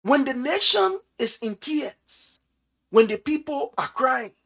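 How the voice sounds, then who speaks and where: A Liberian man giving impassioned political commentary in a preachy, repetitive way, acting out other people's words in quick asides. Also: very high voice, lively intonation, creaky, sharp tone, highs cut off.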